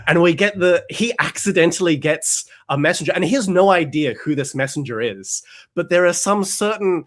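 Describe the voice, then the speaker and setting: A man's voice: fairly high pitch, moderate pace. A man in casual conversation as the host, talking with energy and slipping into little voices for characters. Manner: animated, acts out quoted characters, frequent restarts. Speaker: podcast host. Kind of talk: casual chat.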